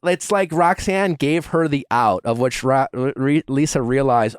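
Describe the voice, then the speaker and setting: A man's voice: on the high side, fairly even intonation, moderate pace, few pauses, clean tone, no echo, studio quality. A man hosting a podcast, chatting casually and rambling with lots of fillers and restarts. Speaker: podcast host. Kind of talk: casual chat.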